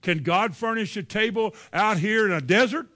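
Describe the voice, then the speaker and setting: A man preaching a sermon, reading scripture verses and retelling them in lively, folksy everyday speech. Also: sits high, moderate pace.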